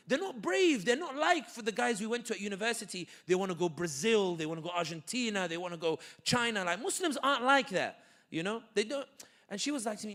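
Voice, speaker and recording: A man with a high, bright voice gives a lively community talk in a hall. He is animated and joking, with many quick asides as he tells his stories. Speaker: guest speaker.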